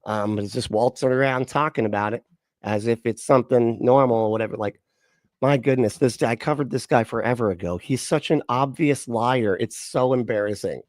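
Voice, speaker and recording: A man's voice: mid-range voice, brisk, a little mellow, no echo, studio quality. A man hosting a livestream, giving sarcastic, rambling reaction commentary and chatting with his viewers. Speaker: livestream host.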